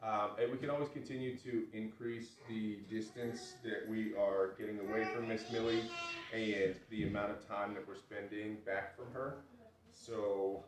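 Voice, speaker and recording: A man teaching dog obedience exercises in a relaxed, instructive way. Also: fairly low pitch. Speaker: dog trainer. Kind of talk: outdoor training demonstration. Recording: roomy, distant mic with loud noise.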